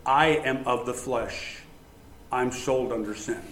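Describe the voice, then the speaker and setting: A man preaching a sermon as pastor, emphatic, swinging between loud lines and hushed ones. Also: medium pitch, fairly even intonation, slow pace, slight background noise. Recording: echoey room with faint ambience.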